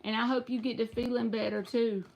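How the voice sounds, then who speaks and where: A woman's voice: a little high, level tone, brisk, gravelly, darkish tone. A Southern woman, likely in her thirties or forties, giving a casual tarot reading on a live stream at home and chatting straight to her viewers. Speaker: tarot reader.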